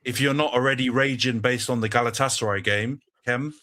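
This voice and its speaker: A man's voice: mid-range voice, fairly even intonation, fairly quick, sharp tone. A man hosting a casual football debate podcast, full of banter, often laughing and calling people "bro". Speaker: podcast host.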